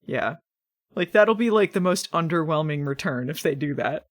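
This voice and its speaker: A woman's voice: low voice, lively intonation, normal speed. A woman co-hosting a podcast, chatting casually about a TV episode, full of fillers and frequent laughs. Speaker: podcast co-host. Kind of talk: casual chat recapping a TV episode.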